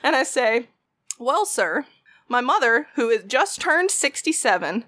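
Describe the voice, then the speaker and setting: A woman's voice: on the high side, big pitch swings, unhurried, sharp tone, dry recording, clean studio sound. A young woman, telling a story in casual chat, swearing freely and acting out quotes.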